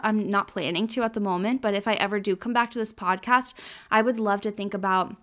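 A woman's voice: mid-range voice, fairly bright tone. A young woman, hosting her own podcast alone, talking in a rambling, heartfelt way full of fillers and close to tears. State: tearful, near crying. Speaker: podcast host. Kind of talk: solo podcast monologue.

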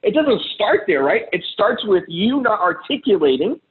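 With a high, very animated voice at a moderate pace, a man casually advises other men on relationships, bluntly and with profanity, acting out heated arguments as quoted exchanges. The recording sounds lo-fi, like a phone.

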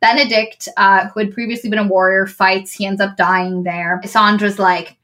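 A woman casually retelling a book's plot on a podcast, animated and swearing freely. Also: medium pitch, moderate pace. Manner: animated retelling with swearing, acting out lines of the characters. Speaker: podcast co-host.

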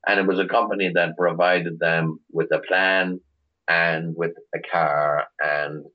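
With highs cut off from the recording, a middle-aged man from Ireland talks in a low, fairly even voice at a measured pace. A chauffeur tour operator guesting on a casual interview, he rambles through his stories and frequently starts over.

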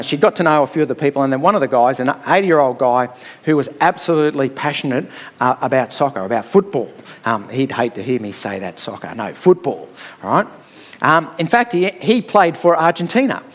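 A middle-aged man preaching a sermon in a conversational, storytelling way, often checking in with "all right?". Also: a little high.

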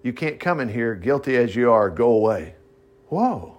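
A man reading Bible passages aloud and commenting in a casual, animated way, breaking into asides. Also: medium pitch, normal speed. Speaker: Bible teacher.

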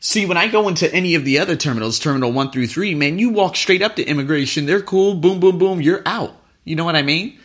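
A man's voice: on the high side, lively intonation, fast talker, hardly any pauses, a bit bright. A man hosting a podcast, telling a travel story in a casual, profane, ranting way. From United States. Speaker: podcast host.

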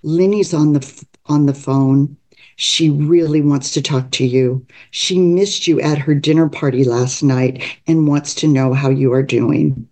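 A woman reading the lines of a gentle, patient middle-aged husband, speaking softly, quickly and a little hesitantly. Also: low-pitched, steady tone.

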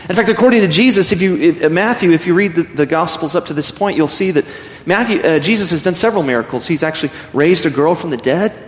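A man preaching a sermon as pastor, earnest and animated, often restarting his phrases. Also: on the high side, fast talker, reverberant, long reverb tail.

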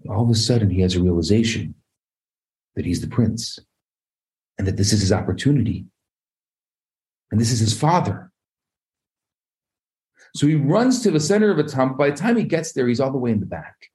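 A man, a rabbi, telling a parable in an animated sermon, acting out the voices of its characters. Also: mid-range voice, moderate pace, pauses often. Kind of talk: storytelling sermon.

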